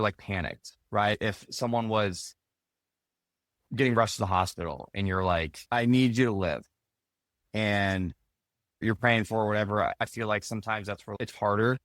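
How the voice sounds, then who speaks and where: A man's voice: fairly low pitch, a bit bright, no room sound, clean studio sound. A man guesting on a podcast as a youth baseball coach, talking loosely and leaning on filler words like "like" and "right?". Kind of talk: casual conversational interview.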